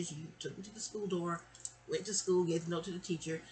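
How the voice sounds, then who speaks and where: A middle-aged woman from New York telling a long personal story in a chatty, animated way, slipping into other people's voices. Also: fairly low pitch, moderate pace, a little hiss or hum. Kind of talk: casual storytime monologue.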